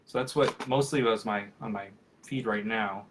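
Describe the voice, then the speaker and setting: A man's voice: on the low side, moderate pace, slight background noise. A man in his thirties, a professional puppeteer, answering questions in a casual live video chat and rambling with many fillers and restarts.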